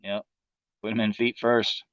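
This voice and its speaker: A man's voice: fairly low pitch, level tone, a little slow, a bit bright, no echo, lo-fi sound. A man hosting a livestream, delivering a profane, sarcastic political monologue in a casual ranting manner. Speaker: livestream host.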